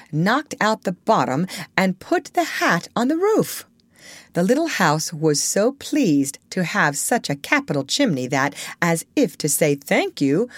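A woman reading a children's classic aloud as an audiobook, in a measured, expressive storytelling manner. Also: low voice, dry recording, clean studio sound. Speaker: audiobook reader. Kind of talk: scripted storybook narration.

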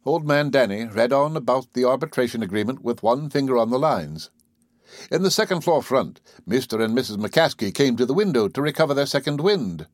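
A male audiobook narrator reads in a measured, wry way at a middling pitch. The recording is close and dry, with no room sound. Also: animated, no room sound. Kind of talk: scripted narration.

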